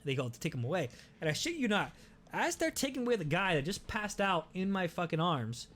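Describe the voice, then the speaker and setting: A young man hosting a podcast, telling a story in a casual, animated way, swearing often and restarting his sentences. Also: high-pitched, brisk. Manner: animated, profane, many restarts. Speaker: podcast host.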